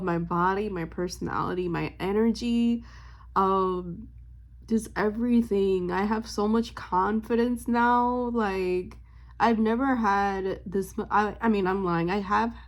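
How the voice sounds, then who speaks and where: A woman in her twenties telling a personal story on her vlog, rambling and emotional, smiling as she talks with lots of fillers. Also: mid-range voice. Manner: rambling, heavy on fillers, loses her train of thought; emotional and upbeat, smiling while talking. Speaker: vlogger and spiritual reader. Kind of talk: casual storytime chat.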